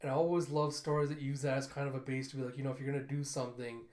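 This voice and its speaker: A man reviewing and recapping a manga chapter in a chatty, enthusiastic way, often laughing and filling pauses with "you know" and "uh.". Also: mid-range voice, little pitch movement, darkish tone, reverberant.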